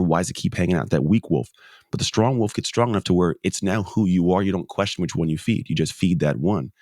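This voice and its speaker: A middle-aged man with a very low, deep voice tells a motivational story on a podcast. He leans on key phrases and repeats them for emphasis. The sound is dry and close, with no room echo. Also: a little mellow. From United States. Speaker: podcast guest. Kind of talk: motivational conversation.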